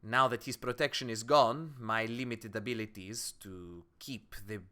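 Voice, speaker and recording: A man's voice: lowish voice, bright, forceful tone, clear, resonant tone. A man voicing a shrewd woman herbalist. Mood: grave. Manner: measured, dry, businesslike. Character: shrewd middle-aged woman herbalist and alchemist.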